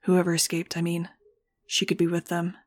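A woman's voice: fairly low pitch, monotone, moderate pace, dry recording, close to an everyday voice. A woman doing a terse brooding teen boy. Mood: grim.

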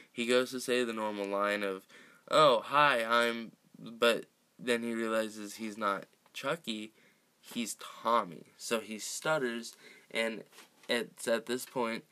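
A man with a fairly low voice talks through a movie recap in an unhurried, drawn-out way. His tone is bright and forceful, and he rambles loosely, swearing and laughing as he goes. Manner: rambling, profane, laughs often, many fillers and restarts.

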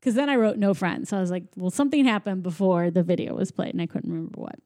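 Chatty woman with a mellow voice. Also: fairly low pitch, lively intonation, quick pace, dry recording, studio quality. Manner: chatty, acts out lines in silly voices, giggly. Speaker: podcast co-host. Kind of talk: casual movie recap chat.

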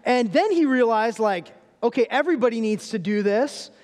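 A man in his thirties preaches as a guest speaker, telling family stories with humor in a relaxed, conversational way. His voice sits high for a man. The church around him rings with a long reverb. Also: moderate pace. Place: church sanctuary.

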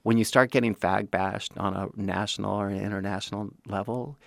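Actor in his 50s, from Kansas City, emphatic interviewee, gravelly and low. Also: steady tone, brisk, no room sound, clean studio sound. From Kansas City, USA. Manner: emphatic, acts out quoted voices. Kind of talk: candid interview.

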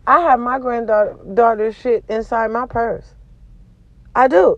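This vlog host, a woman with a sore throat from a cold, rants to her viewers in crude, blunt terms, her volume rising and falling. She speaks at a measured pace in a fairly high register, and the audio is dull with no room sound.

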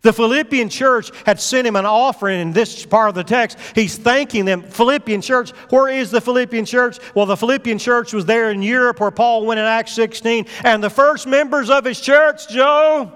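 A man's voice: very high-pitched, normal speed, hardly any pauses, a bit bright, clear, resonant tone, long reverb tail. A man preaching a fervent sermon as pastor, pressing his point with rising emphasis. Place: church sanctuary.

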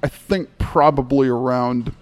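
A man's voice: mid-range voice, fairly even intonation, a little slow, faint music behind. A man, a voice actor, explaining his craft in an interview, eager and full of fillers. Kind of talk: interview conversation.

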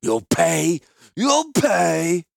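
A man's voice: very animated, creaky, no echo, studio quality, exaggerated voice. A man voicing a fat, furious middle-aged wine merchant who roars and shrieks his words, drawing them out in outrage, in a storybook reading. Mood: outraged. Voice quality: roaring, shrill. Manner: outraged, drawn-out shouting.

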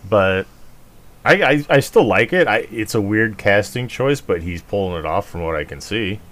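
A man co-hosting a podcast in casual chat, animated and swearing easily, laughing often. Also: on the low side, normal speed. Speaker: podcast co-host.

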